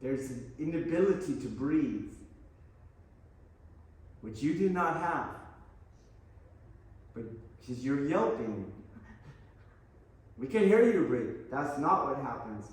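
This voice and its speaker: Man, martial arts teacher, slow deliberate delivery, heavy hall echo, distant mic. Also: medium pitch, big pitch swings. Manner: blunt, profane, challenging questions. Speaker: aikido teacher. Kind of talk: mat-side teaching talk. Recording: very echoey hall, voice from far off.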